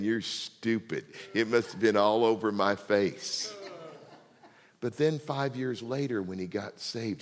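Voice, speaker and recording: An older man preaching a sermon, telling a personal story and swinging between hushed asides and loud, laughing outbursts. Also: deep voice. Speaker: pastor. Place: church sanctuary. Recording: long hall reverb.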